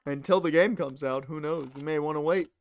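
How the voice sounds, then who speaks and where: A man's voice: fairly high pitch, brisk, dry recording. A young man rambling casually to his chat while streaming a game. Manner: rambling, chatty, talks to chat.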